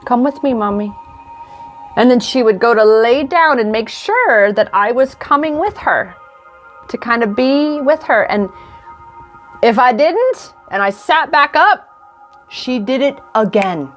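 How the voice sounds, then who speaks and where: Soft background music accompanies an animated, slightly high and somewhat slow voice: an intuitive coach and tarot reader in her forties. Indoors in front of a camera, she gives a heartfelt, affirming card reading on a livestream.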